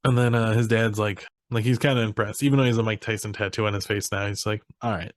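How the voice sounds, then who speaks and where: Young man, podcast co-host, animated movie recap, dry close mic. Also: on the low side, fast talker, dry recording. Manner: animated retelling, quoting characters, swearing, laughing. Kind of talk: casual movie recap chat.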